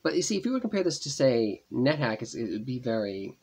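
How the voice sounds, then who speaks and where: A man's voice: mid-range voice, big pitch swings, fast, a little mellow, slightly rough. A man casually commenting on his gameplay, chatty and rambling, thinking aloud as he plays. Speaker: gaming channel host. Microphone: tablet gameplay voice-over.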